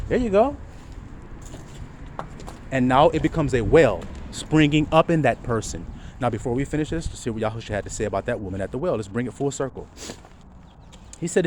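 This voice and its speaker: A man preaching a sermon outdoors, swinging from low murmurs to loud cries. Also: very animated, moderate pace, long pauses. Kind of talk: street sermon. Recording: faint street noise behind.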